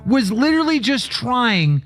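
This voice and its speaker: A man's voice: very high-pitched, sing-song, a little slow, a bit bright, soft background music. A man telling a heated story in a profane, agitated way, acting out both sides of a phone call. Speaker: streamer recounting a phone call.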